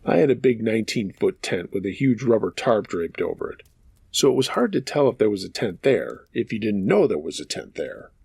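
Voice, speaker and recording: A man's voice: lowish voice, sing-song, fairly quick, vocal fry, darkish tone, husky, no room sound, clean studio sound. A man hosting a show of true scary stories, reading listener accounts aloud in a casual, profane storytelling manner.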